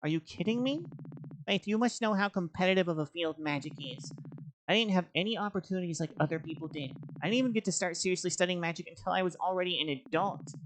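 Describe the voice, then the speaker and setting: Brief: a woman playing a resentful self-taught witch, snappish and lowish. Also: fast, slight background noise, close to an everyday voice. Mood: bitter. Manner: sharp, resentful. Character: bitter, prickly young woman witch.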